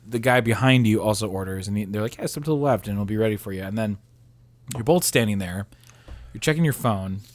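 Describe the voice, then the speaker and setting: A man's voice: lowish voice, no echo. A man co-hosting a podcast in casual comedic chat, crude and laughing often as he tells stories. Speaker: podcast co-host.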